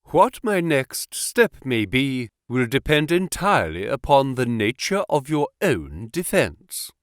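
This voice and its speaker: A man reading an audiobook, voicing a calm, commanding detective who speaks in a crisp, precise, insistent way. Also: medium pitch, measured pace, no echo, clean studio sound. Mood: calm, assured. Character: cool, commanding male detective, calm and assured.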